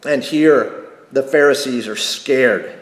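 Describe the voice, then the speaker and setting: Slow-preaching pastor man in echoey hall. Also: medium pitch. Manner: emphatic, repeats key phrases. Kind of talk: sermon. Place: church sanctuary. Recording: echoey hall, long reverb.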